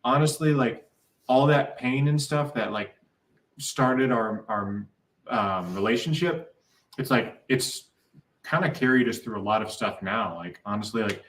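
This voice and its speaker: Man, co-host, bright tense voice, roomy echo, distant mic. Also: medium pitch, animated. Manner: halting, many fillers. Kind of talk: casual chat.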